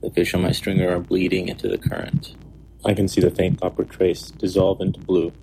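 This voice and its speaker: A man with a very deep, gravelly voice narrates in a calm, measured way. His delivery stays almost entirely flat. A clear hum runs under the recording. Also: poor audio. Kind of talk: scripted narration.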